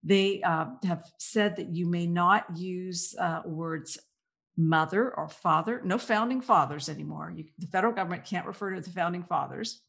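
Woman co-host, lowish voice, dry mocking delivery, rattles off lists. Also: moderate pace, gravelly, fairly bright tone. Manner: sardonic, mocking, lists things off. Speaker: podcast co-host. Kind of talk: political talk show chat.

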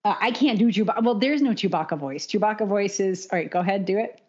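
A woman co-hosting a casual podcast as a running coach, talking in an animated, opinionated way and laughing often. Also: medium pitch, fast talker. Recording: dull lo-fi podcast audio.

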